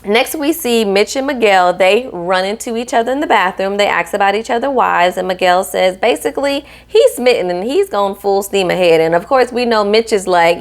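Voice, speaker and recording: A woman's voice: mid-range voice, normal speed, hardly any pauses. A woman giving a sassy, chatty recap of a reality TV episode, often slipping into voices to quote the people on the show. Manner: sassy, animated, quotes cast members in voices. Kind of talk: casual recap chat.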